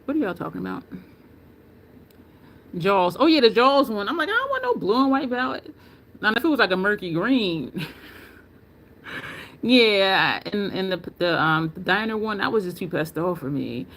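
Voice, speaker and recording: A woman's voice: medium pitch, expressive, normal speed, long pauses, fairly bright tone. A woman hosting a beauty channel livestream, talking in a loose, opinionated, rambling way and answering viewer comments. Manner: loose, rambling, with frequent ums and restarts. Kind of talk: casual livestream chat.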